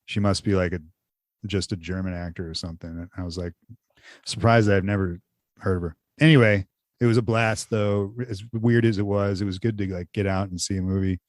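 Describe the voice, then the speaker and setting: Dude rambling on a podcast, lowish voice, dry close mic, says like a lot. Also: male voice, fairly even intonation, fairly quick, no echo. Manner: rambling, loose, heavy on "like" fillers. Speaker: podcast co-host. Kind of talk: casual chat.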